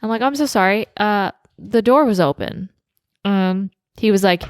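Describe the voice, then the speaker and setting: Voicing both parties in her anecdote, a female podcast co-host keeps the conversation casual. She speaks at a mid-range pitch and normal speed, captured in a dry recording with clean studio sound.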